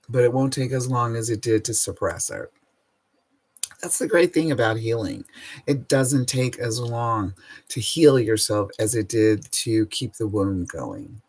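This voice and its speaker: Husky middle-aged man, slow healer talk. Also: mid-range voice, poor audio. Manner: slow, emotive, drawn-out and earnest. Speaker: energy healer. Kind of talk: spiritual self-help talk.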